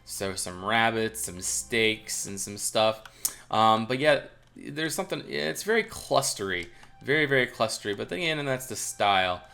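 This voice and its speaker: A man's voice: lowish voice, expressive, moderate pace, creaky, bright, forceful tone, faint music behind. A young man casually commenting on a video game build, rambling with many fillers and restarts. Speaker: build reviewer.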